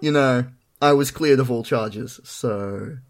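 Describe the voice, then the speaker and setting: A young male podcast co-host tells stories in a casual chat, dry and self-mocking in tone. His mid-range voice moves at a slow pace.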